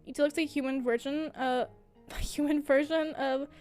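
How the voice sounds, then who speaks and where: A woman's voice: high voice, fairly even intonation, moderate pace, a little mellow, faint music behind. A young woman streaming, chatting casually with lots of fillers and frequent giggles as she gushes. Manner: giggly, laughs often mid-sentence; gushing, filler-heavy. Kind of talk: casual livestream chat.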